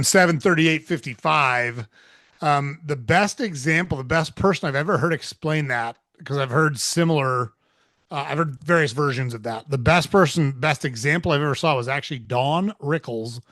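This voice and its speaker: A man hosting a podcast, asking measured questions with a few ums in casual interview chat. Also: on the high side, fairly bright tone. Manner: measured, uses fillers like "um". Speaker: podcast host.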